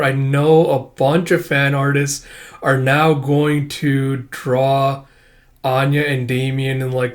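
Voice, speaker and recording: A man hosting a casual manga read-through, rambling with many fillers. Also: a little high. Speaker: host.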